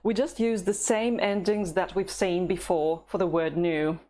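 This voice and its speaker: Slow, patient Russian-accented woman teacher. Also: lowish voice, fairly even intonation, a little mellow, a little hiss or hum. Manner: patient, deliberate, pauses for learners to answer. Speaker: language teacher. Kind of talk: slow, clear language lesson with repeat-after-me drills.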